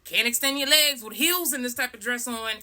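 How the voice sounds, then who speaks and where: A young woman telling a storytime vlog, animated and dramatic, with frequent asides to her viewers. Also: a little high, fairly quick. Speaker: vlogger.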